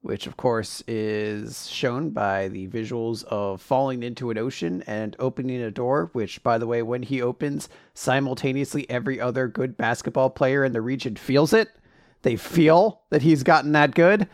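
A man's voice: medium pitch, normal speed, dry recording. Male co-host, wry and joking, dry room. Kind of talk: casual chat.

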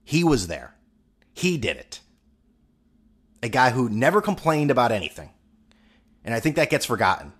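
A man's voice: medium pitch, very animated, normal speed, pauses often, fairly bright tone, husky. A young man hosting a podcast, talking in a rambling, sarcastic and profane monologue. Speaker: podcast host. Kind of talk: casual monologue.

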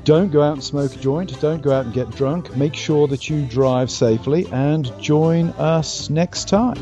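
A man co-hosting a podcast panel discussion, talking in a measured, dry and self-deprecating way. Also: fairly high pitch, over music. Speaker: co-host. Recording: dull, dry lo-fi podcast audio.

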